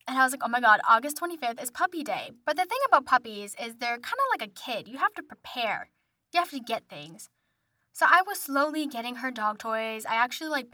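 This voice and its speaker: A chatty young woman tells a storytime vlog in a bright, slightly high voice, filling her sentences with casual fillers. Her delivery is animated and conversational. The recording is dry and close, with no room echo. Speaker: vlogger, musician.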